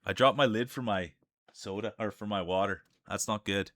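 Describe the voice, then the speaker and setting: A man's voice: on the low side, normal speed, a bit bright. A man with a Canadian accent giving chatty play-by-play commentary on a live stream. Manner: chatty play-by-play with frequent laughs.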